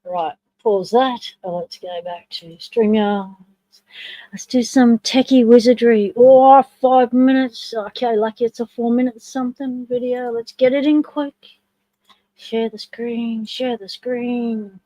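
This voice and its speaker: Chatty woman with a mellow voice. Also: on the high side, steady tone, a little slow, dry recording, low-quality recording. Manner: chatty, talks to herself while running the stream software; reads along with and comments on a video. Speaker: live stream host. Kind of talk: casual live-stream chat.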